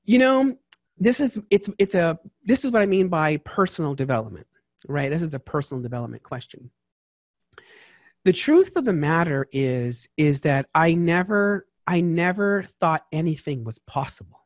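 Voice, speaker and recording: A man talking as a tax strategist guest in a casual interview, lively and chatty with lots of asides. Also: a little high, moderate pace, no room sound, studio quality.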